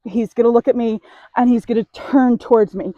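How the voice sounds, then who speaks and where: A woman's voice: fairly high pitch, fairly even intonation, fairly quick, dry recording. Horse trainer woman, dry and muffled. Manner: talks to the camera while working a horse, with soft praise between. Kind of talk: hands-on training demonstration.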